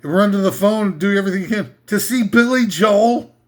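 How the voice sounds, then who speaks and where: A man's voice: high voice, normal speed. A man doing an improvised comedy rant, sarcastic and rambling, laughing at his own jokes. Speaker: comedic ranter.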